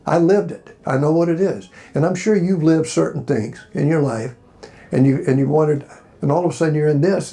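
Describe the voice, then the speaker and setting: A man's voice: a little high, dark tone. An older man from Alabama, a convention panel guest telling rambling, folksy stories and encouraging the crowd. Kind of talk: storytelling Q&A. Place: hotel convention panel room.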